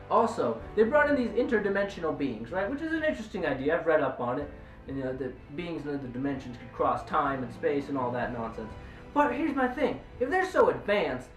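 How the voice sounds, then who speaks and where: A woman reviewing a film in a casual vlog, excitable and rambling, with lots of fillers and restarts. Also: on the low side. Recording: echoey room, distant from mic, faint music.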